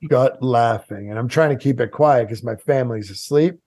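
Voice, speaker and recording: A man's voice: mid-range voice, normal speed, a little mellow, no room sound, clean studio sound. A man co-hosting a casual podcast who explains things bluntly and swears freely. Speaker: podcast host.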